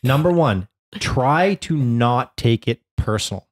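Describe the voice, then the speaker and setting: Animated man telling a family story. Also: mid-range voice, slow. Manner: animated storytelling, acts out quotes loudly. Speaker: podcast co-host. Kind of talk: casual chat.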